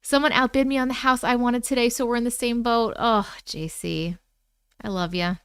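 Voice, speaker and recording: A woman hosting a casual livestream at home from her computer, greeting viewers one by one by name, sounding low on energy. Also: fairly even intonation, moderate pace, fairly bright tone, clear, resonant tone, dry recording, studio quality. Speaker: livestream host.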